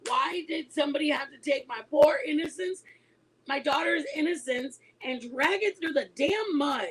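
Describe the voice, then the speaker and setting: A woman in her forties, a mother, telling a story to her online viewers in a casual, animated way. She is emphatic and laughs often as she talks. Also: sits high, moderate pace, slight background noise, low-quality recording. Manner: animated and emphatic, insisting she is not lying.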